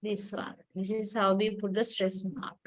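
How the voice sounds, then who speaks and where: A woman's voice: medium pitch, little pitch movement, a little slow, poor audio. A woman giving a university lecture, explaining patiently, quizzing students and using many fillers.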